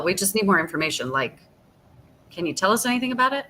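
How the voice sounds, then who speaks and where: Bright, lively woman player. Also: mid-range voice. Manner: playful, quick to laugh. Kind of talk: casual tabletop play.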